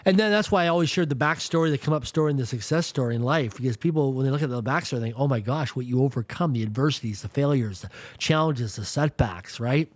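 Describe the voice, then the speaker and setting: A man's voice: mid-range voice, fast talker, few pauses, no echo. A man in his fifties from Canada, a guest telling stories in an emphatic way, repeating words and acting out quoted voices. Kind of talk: storytelling interview talk.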